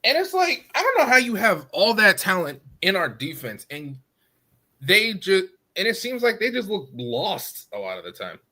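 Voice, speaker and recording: A man talking as a podcast guest, opinionated and animated about the team's play. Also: high voice, moderate pace. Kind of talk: casual sports talk.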